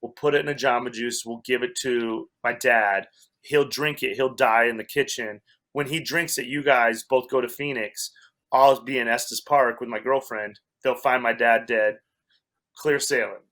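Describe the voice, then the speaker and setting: A man's voice: medium pitch, fairly even intonation, normal speed, bright, forceful tone. A man telling a long personal story as a podcast guest, wry and self-mocking, often laughing at himself. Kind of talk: storytelling in a casual chat.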